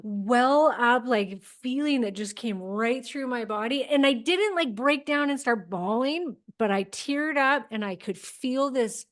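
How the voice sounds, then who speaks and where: A woman's voice: a little high, unhurried, few pauses. A woman hosting a podcast, chatting casually and retelling her experiences with a lot of "like" in her speech. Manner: chatty, lots of "like", animated retelling. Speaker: podcast host. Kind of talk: casual interview chat.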